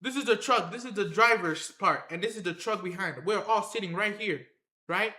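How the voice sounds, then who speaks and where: A man with a high, bright voice tells a rambling tale on a livestream, looping back over himself and calling out to his viewers. The sound bounces around an echoey room. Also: moderate pace. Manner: animated, repetitive, addresses the chat directly.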